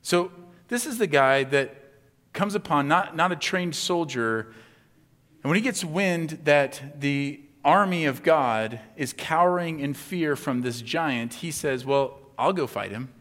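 A man preaching a conversational sermon in a casual, chatty way, full of asides and quick "right?" checks with the congregation. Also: on the high side, a bit bright. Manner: casual, chatty, many asides and tag questions. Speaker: pastor. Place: church sanctuary. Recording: long hall reverb.

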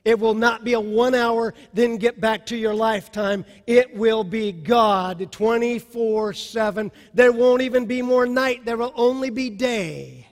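A male pastor preaches with a high, ringing voice, pushing his lines out with fervor and then pulling back to a hush. Long reverb from a large hall trails every phrase. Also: unhurried, hardly any pauses. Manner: impassioned preaching that swings from soft to loud. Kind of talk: sermon.

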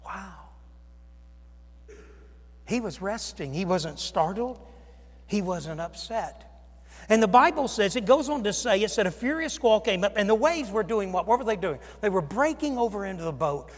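A male pastor preaching a sermon, with dramatic swings from loud exclamations to hushed near-whispers. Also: high voice, lively intonation, moderate pace. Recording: long reverb of a large hall.

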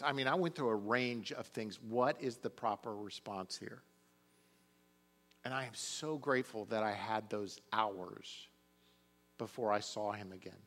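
A middle-aged man preaching a sermon as a pastor. He tells a personal story earnestly, dropping to a hush at tender moments and rising into fervent prayer. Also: lowish voice, a little slow.

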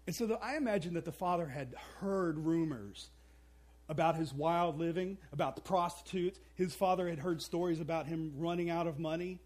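A man's voice: on the high side, moderate pace, a little mellow. A man preaching a sermon, telling a story with playful asides and acting out the characters' voices. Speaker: pastor.

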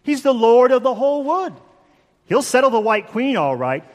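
A man voicing an excitable male beaver from a children's story with a put-on English accent. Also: very high-pitched, normal speed, in a large hall, pitched above the performer's own voice. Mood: excited. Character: excitable talking male beaver, eager and proud.

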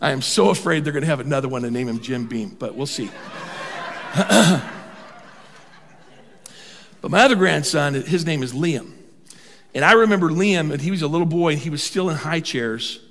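An older man preaching a sermon as pastor, animated and humorous, drawing out key words for emphasis. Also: fairly high pitch, moderate pace, pauses often. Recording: long hall reverb.

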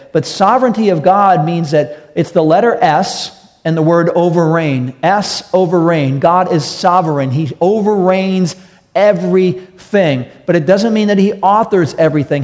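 A man's voice: a little high, a little mellow, in a large hall. A male pastor preaching a sermon in a conversational way, often repeating words and asking the congregation rhetorical questions.

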